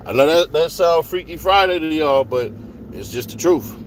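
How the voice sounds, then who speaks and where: A man's voice: on the high side, animated, normal speed, low-quality recording. Man, vlogger, slangy profane storytelling, driving car, faint engine hum. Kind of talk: casual chat while driving.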